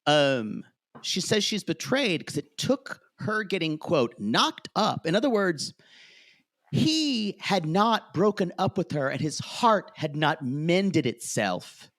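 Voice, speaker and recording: A man co-hosting a casual podcast, with a voice that swoops lively up and down as he retells scenes and slips into quick impressions of the cast. The sound is close and dry. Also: a little high, no room sound. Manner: animated, quotes cast members in put-on voices. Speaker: podcast co-host. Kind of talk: casual chat recapping a reality show.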